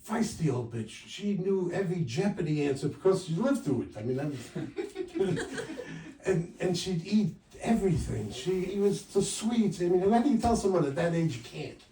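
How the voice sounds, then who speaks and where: A man's voice: sits high, sing-song, moderate pace. Older man doing stand-up in a roomy club. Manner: wry, punchy delivery with loud jumps for quoted lines. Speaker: stand-up comedian. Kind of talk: stand-up comedy set. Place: comedy club stage. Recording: roomy live sound from a distance.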